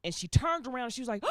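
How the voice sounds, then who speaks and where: Animated woman telling stand-up stories. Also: fairly high pitch, dry recording, studio quality. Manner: animated storytelling, acts out voices of people in the story. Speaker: stand-up comedian. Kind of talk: stand-up comedy set.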